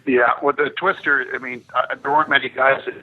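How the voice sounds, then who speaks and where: A man's voice: medium pitch, brisk, breathy edge, highs cut off. A man in his fifties, a former pro hockey player, telling stories on a podcast and acting out the dialogue. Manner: animated storyteller who acts out quoted dialogue. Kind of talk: casual podcast storytelling.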